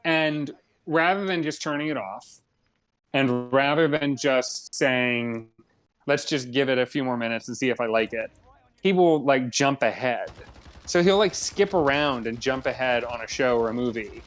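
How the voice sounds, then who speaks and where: A man's voice: medium pitch, normal speed, fairly bright tone. Young male podcast co-host, chatty storyteller, mid-range voice, easygoing. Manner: chatty storyteller, acts out both sides of a story. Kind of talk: casual gaming podcast chat.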